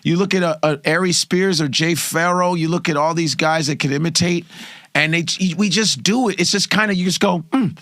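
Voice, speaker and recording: A man's voice: fairly high pitch, a little fast, a bit bright, no room sound, studio quality. A man who does impressions, chatting casually in a loose, profane, rambling way. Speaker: comedian and impressionist. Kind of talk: casual chat.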